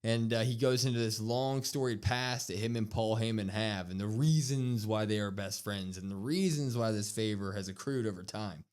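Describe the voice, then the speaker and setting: A man co-hosting a wrestling podcast, recapping an episode in a casual, excited way and acting out the quotes in loud bursts. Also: fairly low pitch, normal speed, few pauses, clear, resonant tone. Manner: excited, acts out quoted lines with bursts of loudness. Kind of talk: casual recap, retelling promos.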